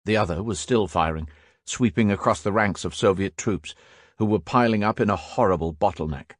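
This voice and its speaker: A man reading a war memoir audiobook as scripted narration, raising his voice for characters' shouts. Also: fairly low pitch, normal speed, dry recording, clean studio sound.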